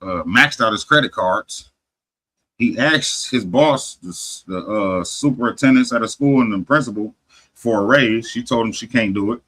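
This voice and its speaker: Bright husky man telling a story. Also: on the low side, moderate pace, rough recording. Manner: animated, swears heavily, restarts often. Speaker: podcast host. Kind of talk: casual profane storytelling.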